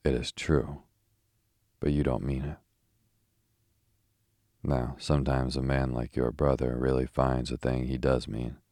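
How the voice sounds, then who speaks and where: A man reading the lines of a sharp-tongued young poet, arguing in crisp, pointed sentences. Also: rumbling low, flat delivery, a little slow, pauses often, no echo, studio quality.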